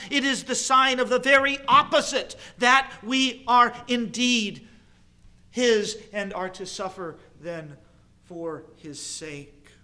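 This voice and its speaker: A man preaching a sermon in a measured, emphatic way, pausing and repeating key phrases. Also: high-pitched, bright, forceful tone. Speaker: pastor.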